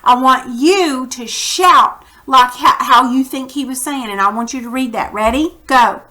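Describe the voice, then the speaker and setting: Recorded through a computer microphone, this reading lesson for children features a woman with a high-pitched voice speaking at a measured pace. She delivers it animatedly, performing the quoted lines.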